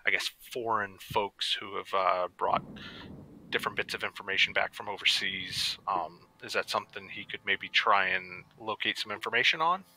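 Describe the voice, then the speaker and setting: A man's voice: fairly low pitch, moderate pace, pushed and bright, slight background noise, rough recording. A man playing a tabletop game, asking questions in a casual, hesitant way. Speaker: player.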